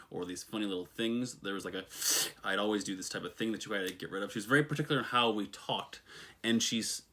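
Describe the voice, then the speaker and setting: Speaking in a lowish, pushed, bright voice, a man reflectively tells a story from his own life. It's a thoughtful personal monologue with an occasional wry aside.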